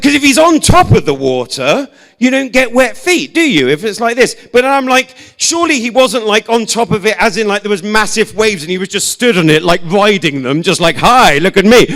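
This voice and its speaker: Chatty English preacher telling stories. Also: male voice, high-pitched. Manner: chatty, self-deprecating, animated storyteller with many "like"s and "um"s. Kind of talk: casual storytelling sermon.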